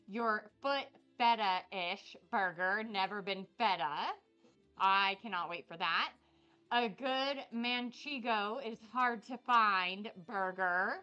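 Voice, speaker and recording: A woman cooking on a live stream, chatting in an excitable, bubbly way with a slight lisp. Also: fairly high pitch, lo-fi sound. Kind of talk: casual live-stream chat.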